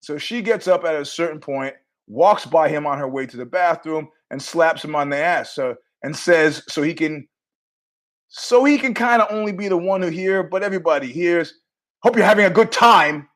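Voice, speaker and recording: A podcast host with a slightly high voice tells a story at a moderate pace, casual and animated. He acts out the people in it with quoted voices and laughs at his own tale.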